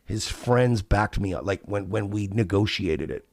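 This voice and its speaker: A man's voice: lowish voice, a little slow, a little mellow, no echo. A male podcast host in a crude, rambling monologue full of swearing, acting out what other people say. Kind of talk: casual monologue.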